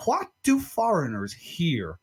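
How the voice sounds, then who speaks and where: A man with an Irish accent co-hosting a film podcast, talking in an animated, swearing way with lots of rhetorical asides. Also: a little high, takes it slowly, husky. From Ireland. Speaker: podcast co-host. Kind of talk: casual film-review chat.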